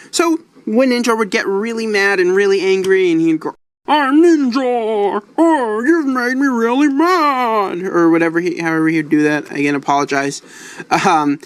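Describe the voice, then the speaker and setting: A man hosts a casual toy review in a chatty, easygoing way. He often pauses on fillers and apologizes for his own handiwork. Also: on the high side, a bit bright. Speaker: toy reviewer, channel host.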